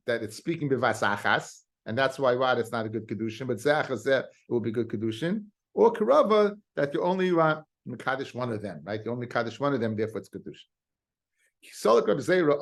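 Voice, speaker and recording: Man teaching Talmud, quick and casual. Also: on the high side. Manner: explains in a quick mix of Hebrew-Aramaic terms and English, with restarts. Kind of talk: daily Talmud class.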